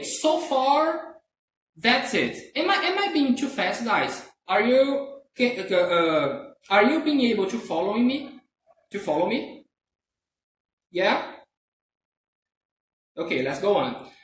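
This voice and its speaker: Slow, patient man teaching. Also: high voice, big pitch swings, fairly bright tone. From Brazil. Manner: patient, repetitive, checks understanding with "okay?". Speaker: English teacher. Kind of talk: live online grammar lesson. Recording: roomy, distant from the mic, faint hiss.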